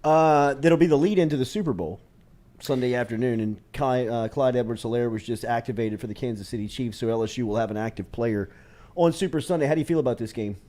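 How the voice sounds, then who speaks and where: Male radio host, mellow voice, easygoing sports chat. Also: mid-range voice. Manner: chatty, quick to agree and riff.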